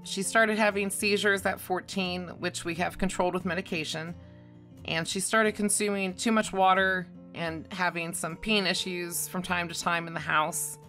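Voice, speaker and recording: A woman with a fairly low but bright, forceful voice talks about her dog in a fond, scripted tribute, chuckling between sentences. Soft guitar music plays faintly behind her. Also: fairly even intonation, normal speed. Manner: warm, fond, chuckles often. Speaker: dog channel vlogger.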